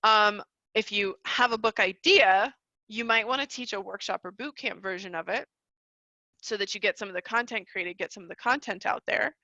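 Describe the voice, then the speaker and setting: Bright, chatty woman hosting a webinar. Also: mid-range voice, normal speed, no room sound, dull audio. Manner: chatty, laughs often, calls listeners y'all. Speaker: online course host. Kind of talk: live webinar teaching.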